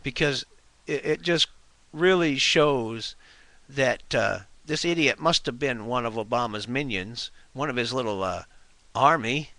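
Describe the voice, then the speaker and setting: A man's voice: medium pitch, measured pace, bright, forceful tone, no echo. A man giving a heated, scornful monologue to his webcam at home, full of rhetorical questions. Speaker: video blogger. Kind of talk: ranting monologue to camera. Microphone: webcam mic.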